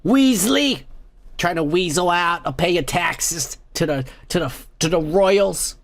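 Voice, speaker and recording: A man's voice: sits high, animated, slow pace, gravelly. A man hosting a comedy podcast, ranting crudely about the news and raising toasts while drinking. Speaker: podcast host. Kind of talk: profane comedic news rant.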